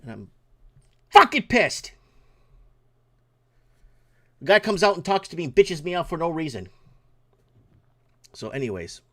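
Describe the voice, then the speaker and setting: A man's voice: a little high, very animated, brisk, long pauses, fairly bright tone. A man hosting his own late-night show, ranting angrily about an insurance office, swearing and restarting his sentences. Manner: angry, swearing, rambling with restarts. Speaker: show host. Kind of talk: casual livestream rant.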